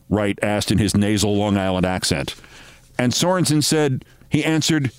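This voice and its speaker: A man's voice: on the low side, moderate pace, clear, resonant tone, no echo. A man hosting a podcast, delivering scripted political commentary in a sardonic, emphatic storytelling manner. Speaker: podcast host.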